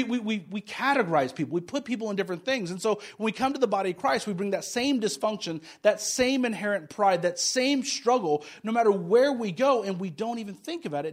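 A man preaching a sermon in a conversational way, repeating key phrases for emphasis and dropping into quiet asides. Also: sits high. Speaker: pastor.

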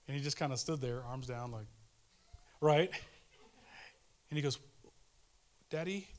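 A man in his thirties giving a casual, earnest devotional sermon, pleading with listeners and swinging between fervent urgency and hushed tenderness. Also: medium pitch, steady tone, a little slow. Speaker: preacher.

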